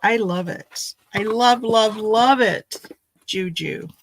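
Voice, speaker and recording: A woman making a craft video opens gifts at home, chatting in a rambling, thinking-aloud way as she unboxes them. She speaks slowly at a medium pitch. The audio is poor, with a little hiss or hum.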